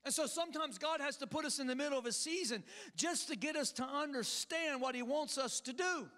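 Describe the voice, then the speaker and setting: High-voiced pastor preaching emphatically. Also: male voice, a little fast, bright, forceful tone. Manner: emphatic, storytelling, calls to the congregation. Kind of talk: sermon. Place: church sanctuary. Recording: long hall reverb with music.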